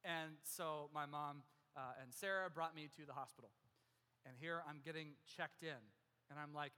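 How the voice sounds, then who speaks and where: Preaching in a sermon, a man with a fairly high, sharp voice at normal speed tells a personal story, mocking himself and acting out the other people in it. Long hall reverb colors the recording.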